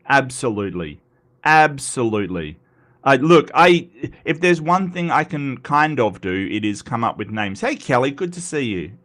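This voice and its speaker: A man's voice: medium pitch, moderate pace. A man hosting a live stream, greeting viewers in a casual, stammering way, just woken up. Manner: animated, stammering repeats, greeting chat by name. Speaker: livestream host.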